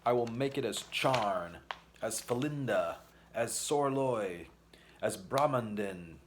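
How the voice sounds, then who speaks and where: A man's voice: mid-range voice, expressive, slow pace, noisy background. A man voicing a gloating witch queen. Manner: ringing, gloating threats. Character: proud cruel witch queen, tall, terribly strong.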